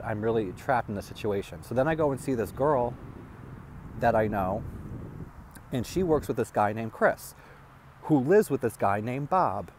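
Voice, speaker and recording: A man telling a rambling personal story as a vlogger, halting and restarting as he talks. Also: medium pitch, a little mellow, a little hiss or hum.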